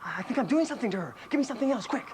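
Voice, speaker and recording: A man's voice: very high-pitched, very animated, racing, very noisy. A young man playing a glum, lovesick technician in a TV sitcom, talking in hesitant, stammering bursts. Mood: flustered. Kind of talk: TV sitcom acting.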